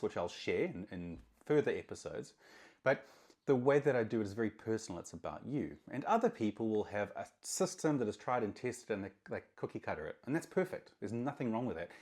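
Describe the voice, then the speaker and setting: Low-voiced man lecturing casually to camera. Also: darkish tone. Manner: emphatic, conversational, with repeated words. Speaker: marketing consultant, podcast host.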